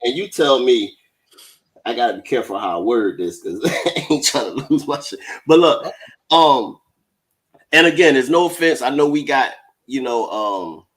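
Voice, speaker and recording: Lively laughing male co-host. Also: medium pitch, moderate pace, long pauses. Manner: animated, laughs often, emphatic. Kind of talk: casual chat.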